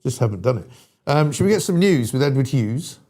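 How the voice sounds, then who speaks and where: A man's voice: mid-range voice, big pitch swings, fairly quick, mellow. A man hosting a talk show, bantering playfully and mocking himself with a chatty, loose delivery. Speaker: radio talk show host. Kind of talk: jokey studio banter.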